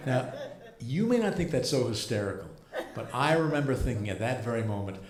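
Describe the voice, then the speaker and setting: Older man doing deadpan stand-up in a roomy club. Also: mid-range voice, brisk, a crowd in the background. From United States. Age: 70s. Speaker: stand-up comedian and rabbi. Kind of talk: stand-up comedy set. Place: comedy club stage. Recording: roomy live club sound.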